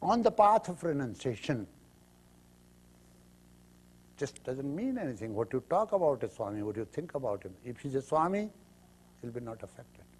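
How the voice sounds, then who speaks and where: A man's voice: medium pitch, very animated, brisk, a little hiss or hum. A man giving a spiritual lecture, telling parables emphatically and acting out the quotes. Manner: emphatic storytelling with acted quotes. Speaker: spiritual teacher.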